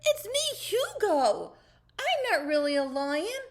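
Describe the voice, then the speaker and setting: A tiny, boastful boy caterpillar who swears he is a lion, his voice squeaking high and swooping all over, as a woman puts him on for a storybook reading. He insists and wails, slow and drawn out. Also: sing-song, exaggerated voice. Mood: insistent.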